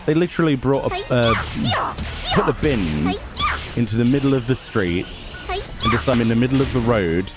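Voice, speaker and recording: With game music running beneath, this man offers laid-back let's play commentary, complaining and sarcastic as he goes. He's a gaming YouTuber with an expressive, medium-pitched voice and a moderate pace.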